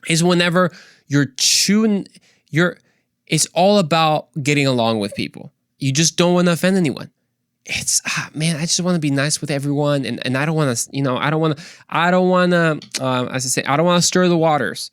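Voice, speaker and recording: Energetic man hosting a faith podcast, dry sound. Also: fairly high pitch, fairly quick, dry recording. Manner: energetic, preachy and joking. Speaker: podcast host. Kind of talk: casual faith talk podcast.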